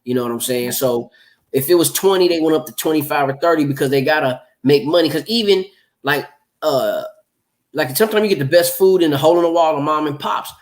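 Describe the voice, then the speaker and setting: Man podcast host, slightly high voice, laid-back teasing banter. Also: a little fast. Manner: relaxed, teasing, rambles with fillers. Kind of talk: casual round-table chat.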